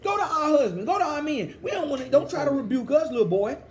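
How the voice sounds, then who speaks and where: A man's voice: very high-pitched, lively intonation, quick pace, pitched above the performer's own voice. Scornful women brushing off a prophet, as a man puts them on. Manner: mocking, dismissive.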